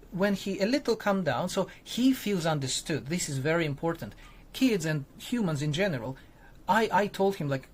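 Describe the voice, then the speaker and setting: A man's voice: a little high, a little hiss or hum. Conversational male teacher telling a story. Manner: loose and conversational, many fillers, acts out quoted lines. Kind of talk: casual storytelling to camera.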